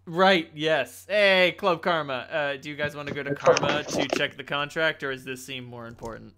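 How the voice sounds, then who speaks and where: A man's voice: a little high, steady tone, normal speed, very noisy. A man narrating as game master of a tabletop role-playing game, chatty and rambling with lots of fillers and the odd swear.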